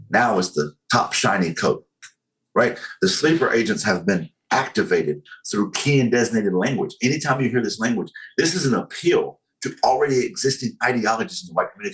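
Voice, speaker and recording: On a low-quality recording, a man from the United States speaks with a fairly low pitch and a fairly bright tone. As a guest on a casual podcast, he makes his case earnestly, leaning on analogies and frequent fillers.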